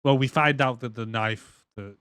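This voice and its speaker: A man's voice: mid-range voice, moderate pace, a bit bright, smooth, no echo. A man hosting a casual film podcast, sarcastically retelling scenes and acting them out. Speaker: podcast host. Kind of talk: casual movie review chat.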